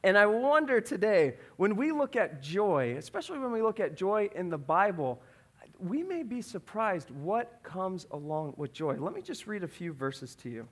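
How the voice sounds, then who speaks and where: A man's voice: sits high, very animated, moderate pace. A man in his thirties preaching a sermon, telling a family story and acting out the voices in it. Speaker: pastor.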